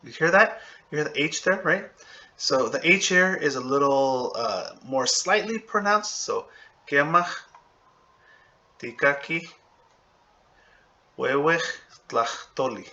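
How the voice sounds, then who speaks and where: A man gives a relaxed video lesson in a bright, forward voice, talking it through with plenty of fillers and quick "right?" check-ins. He slows down to sound out example words for his viewers. The audio is a bit dull and lo-fi. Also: a little high. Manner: conversational, thinks aloud with fillers, checks in with "okay?" and "right?"; drops into spoken examples and sounds out words slowly. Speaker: language teacher. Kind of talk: casual video lecture.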